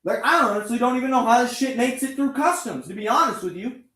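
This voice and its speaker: Fast, expressive and very high, the voice has a fairly bright tone and a roomy sound. It belongs to a motorbike vlogger wrenching on camera, ranting angrily and sarcastically at an engine that won't start, cursing constantly and slightly out of breath.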